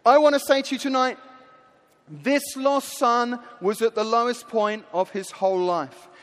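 A man with a very high voice preaches a sermon in a lively storytelling manner. He builds to rousing calls to the audience. The sound carries a long echo through a large hall. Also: a little slow.

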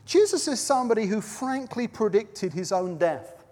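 A man with a high voice preaches a sermon at a baptism service from a platform in a large venue. He tells Bible stories with flair, dramatically quoting and swinging his loudness. The sound carries a long hall reverb. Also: sing-song, normal speed.

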